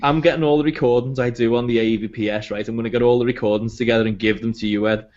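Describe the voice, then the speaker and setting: Male host, chatty and jokey, mid pitch, muffled call audio. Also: steady tone, quick pace, a little mellow. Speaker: podcast host. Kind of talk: casual chat. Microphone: video call.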